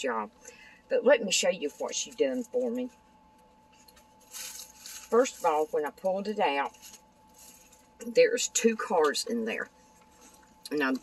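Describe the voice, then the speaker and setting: A woman's voice: deep voice, husky, recorded from a distance, low-quality recording. An older woman, chatting casually in a craft vlog and gushing over the things she shows. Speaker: craft vlogger. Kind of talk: casual show-and-tell vlog.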